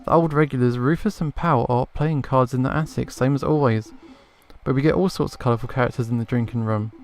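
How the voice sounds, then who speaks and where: A man's voice: mid-range voice, a little fast, a little mellow, natural voice. A man voicing a blunt, familiar middle-aged tavern landlady in a video game. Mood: frank.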